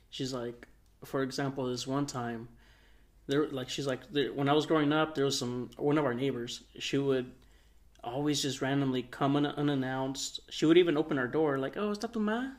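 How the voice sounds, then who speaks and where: A young man with a middle-pitched voice spins out a long anecdote on a podcast. He talks in a relaxed, meandering way, full of fillers and small restarts. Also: normal speed. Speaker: podcast co-host. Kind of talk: casual storytelling.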